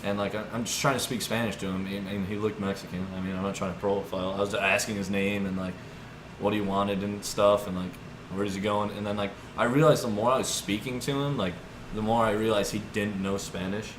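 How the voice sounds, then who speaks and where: Low-leaning and slightly fast, the voice belongs to a twentysomething podcast co-host who rambles through stories peppered with "like" and "dude." He retells things animatedly, and the echoey room carries background noise.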